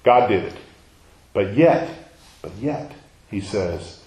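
A man's voice: on the low side, animated, slow, pauses often, darkish tone, roomy sound, poor audio. A man preaching a sermon, teaching and asking his listeners questions, acting out quoted lines and sometimes dropping to a near whisper.

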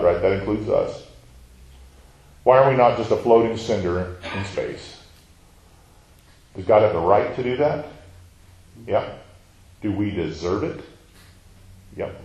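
A man's voice: lowish voice, darkish tone, echoey room, poor audio. A man preaching a sermon, teaching and asking his listeners questions, acting out quoted lines and sometimes dropping to a near whisper.

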